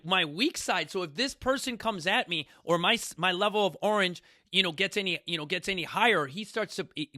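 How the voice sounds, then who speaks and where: Host, male, high bright voice, lively storyteller talking to a studio crowd. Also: dry recording. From New York City. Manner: animated, repeats "you guys", acts out quotes. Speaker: fitness coach hosting a talk. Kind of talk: casual talk to a studio audience.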